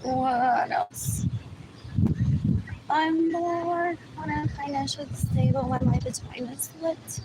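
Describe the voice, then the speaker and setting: A woman's voice: high voice, normal speed, few pauses. A woman hosting a rambling solo livestream, musing aloud, repeating herself and switching between English and Spanish. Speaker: livestream host. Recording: loud background noise.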